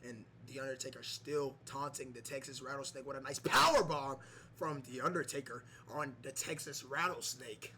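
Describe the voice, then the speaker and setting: A man giving mock wrestling play-by-play over a video game, excitable, with many fillers and shouts on big moves. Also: medium pitch, moderate pace, a little hiss or hum. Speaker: gameplay commentator.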